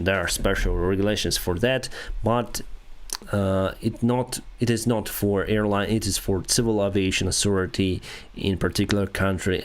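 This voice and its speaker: A man with a Ukrainian accent, hosting a casual livestream and answering viewers, with halting speech and frequent restarts. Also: on the low side. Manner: halting, many restarts and fillers, reads comments aloud. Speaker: airline pilot and livestream host. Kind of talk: casual livestream chat reading viewer comments.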